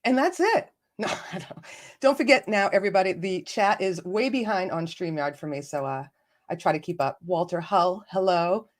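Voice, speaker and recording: A woman's voice: fairly low pitch, normal speed. A woman hosting a casual live stream, chatty and self-joking, laughing often and greeting viewers by name. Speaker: livestream host.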